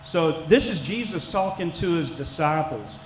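Middle-aged man, church elder giving a sermon; chatty, high voice, echoey room with faint noise. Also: lively intonation, measured pace. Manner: conversational, folksy, with many restarts and fillers. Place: church sanctuary.

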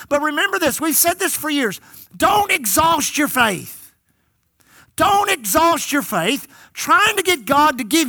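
A man's voice: very high-pitched, sharp tone, no room sound. A man in his fifties, a pastor preaching an emphatic sermon who repeats his key lines and calls out to the congregation.

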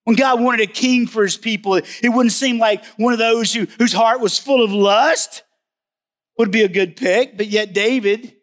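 A man with a notably high voice delivers a sermon as a pastor during a church service. He preaches with emphasis, often repeating a phrase to drive it home. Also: normal speed.

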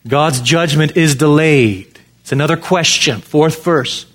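A man's voice: fairly high pitch, a little slow, a bit bright. A man preaching an expository sermon, emphatic, with many rhetorical questions.

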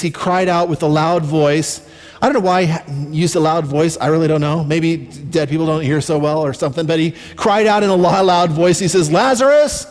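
A man preaching a sermon as a pastor, conversational and slowing down on key points. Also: sits high, darkish tone. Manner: conversational preaching, slows down for emphasis. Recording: long reverb from a large hall. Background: faint music.

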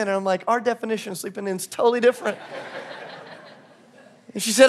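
A man's voice: high-pitched, fairly even intonation, fairly quick, long pauses, fairly bright tone. A man preaching a sermon, telling a funny personal story and then rising into a passionate, repeated refrain. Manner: storytelling with humor, building to an impassioned repeated refrain. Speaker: pastor.

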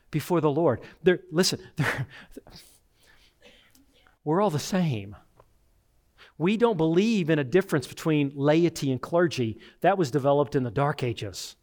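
Man, middle-aged pastor, earnest sermon, direct, repetitive phrasing, slightly raised pitch.

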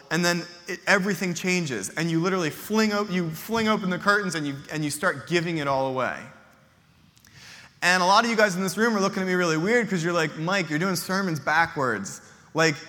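A male pastor preaching to a room in a relaxed, conversational sermon, slipping into character lines as he retells a story. His voice is fairly high and bright, and it rings with a long reverb through the hall. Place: church hall.

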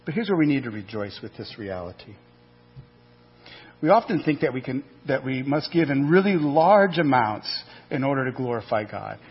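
A male pastor preaching a sermon, animated, with rhetorical questions and acted-out asides. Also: mid-range voice, normal speed, slightly rough. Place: church sanctuary. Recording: muffled church hall recording with long reverb.

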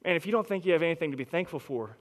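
A young male pastor with a high-pitched voice delivers a sermon. He is emphatic and restarts his phrases, moving between hushed, close passages and ringing, forceful declarations. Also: lively intonation, racing. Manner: emphatic, repeats words, swings from quiet to loud.

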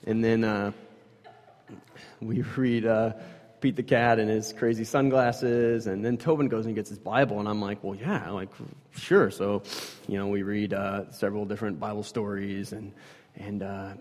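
A man telling a personal story about his children to a group, rambling with many fillers and dropping to a hush at times. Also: fairly low pitch, level tone, normal speed. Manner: rambling, many fillers, swings from loud to hushed. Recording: long hall reverb.

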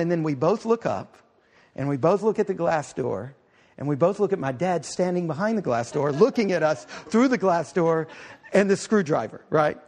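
A middle-aged male pastor delivers a sermon in a fairly high voice, spinning stories and tossing playful asides to his congregation. His words ring out with the long reverb of a large church hall. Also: darkish tone. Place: church sanctuary.

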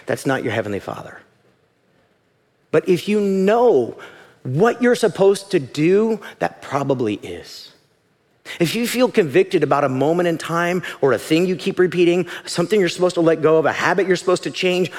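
A man preaching a sermon as pastor, conversational and emphatic, voicing quotes to make his points. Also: on the high side. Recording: reverberant hall.

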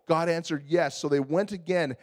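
Brief: male pastor, high voice, lively storyteller acting out his own panic mid-sermon. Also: normal speed. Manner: animated storytelling, acts out his own exasperation. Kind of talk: sermon with a humorous personal story.

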